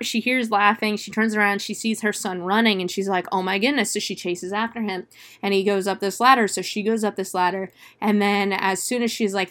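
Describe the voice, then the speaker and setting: A woman's voice: medium pitch, sharp tone. A woman casually retelling a movie plot in a chatty, profane way, full of fillers and laughs. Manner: laughs often while retelling. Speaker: film reviewer.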